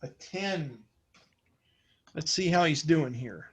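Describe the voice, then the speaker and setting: A man's voice: fairly high pitch, lively intonation, takes it slowly, rough recording. A man running a tabletop role-playing game as game master, narrating scenes in a loose, joking way. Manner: loose and joking, with frequent fillers.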